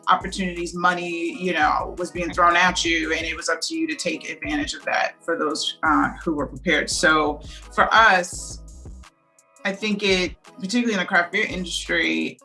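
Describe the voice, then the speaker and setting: A woman's voice: on the low side, moderate pace, vocal fry, soft background music, rough recording. A woman co-founder of a beer brand, talking candidly in a casual interview. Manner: candid, animated storytelling. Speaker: brewery co-founder.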